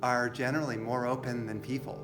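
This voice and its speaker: A man teaching a relaxed spiritual class to a live group, gentle and unhurried, laughing easily. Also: mid-range voice. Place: church hall with a live group. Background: guitar music.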